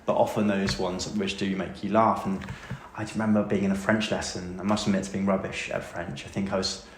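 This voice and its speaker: A man's voice: low-pitched, flat delivery, a little fast. Chatty Englishman sharing school memories. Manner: chatty, self-deprecating, laughs while telling stories. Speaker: former pupil interviewee. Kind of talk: anecdotal interview recollection. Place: school room. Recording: echoey room with faint hiss.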